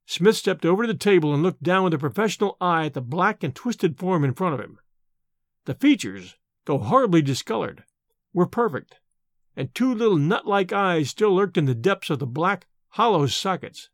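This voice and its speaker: A man reading an audiobook in a measured, expressive way. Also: high-pitched, no room sound, clean studio sound. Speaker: narrator. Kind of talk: audiobook narration.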